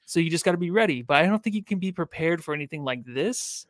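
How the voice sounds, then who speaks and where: A man's voice: on the high side, expressive, quick pace, no echo, studio quality. A man co-hosting a sports podcast, chatting loosely with lots of fillers. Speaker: podcast co-host. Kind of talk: casual sports podcast talk.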